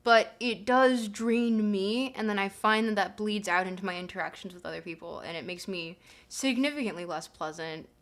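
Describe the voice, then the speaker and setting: A woman hosts a casual livestream, rambling to her viewers and thinking aloud with lots of fillers. Her medium-pitched, slightly bright voice moves at a moderate pace with hardly any pauses.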